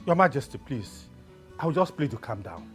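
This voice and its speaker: A man's voice: medium pitch, very animated, moderate pace, a bit bright, husky, soft background music, exaggerated voice. An actor playing a deferential chief with a Nigerian accent, pleading with a king in a film. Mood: placating. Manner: pleading, placating. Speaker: palace chief. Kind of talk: film acting.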